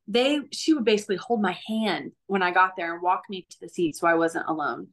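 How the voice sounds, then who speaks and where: A woman's voice: fairly low pitch, brisk. A young woman sharing her faith testimony in an earnest, conversational way, often laughing. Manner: earnest, laughs often, acts out quoted voices.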